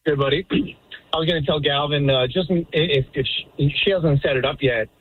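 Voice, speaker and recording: A man's voice: fairly high pitch, a little fast, dry recording. A man calling in to a radio show, offering a helpful tip in a hesitant way. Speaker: caller. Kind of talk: casual phone call. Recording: tinny phone line.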